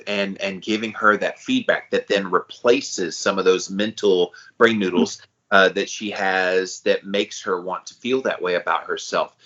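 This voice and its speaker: A man with a lowish, bright and forceful voice speaks earnestly and supportively as a podcast co-host. He is frank and direct. The audio is a bit dull and lo-fi. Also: fairly even intonation, measured pace. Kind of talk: supportive conversation.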